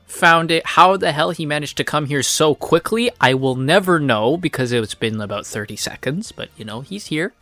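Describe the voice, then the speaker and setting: A man's voice: on the high side, sharp tone, no echo. A man giving a casual, rambling review of a comic, full of fillers and blunt swearing.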